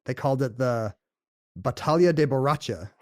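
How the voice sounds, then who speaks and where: A man co-hosting a podcast, telling a story in a jokey, lively chatty way. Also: mid-range voice, normal speed, dry recording, clean studio sound. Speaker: podcast co-host. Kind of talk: casual conversational podcast chat.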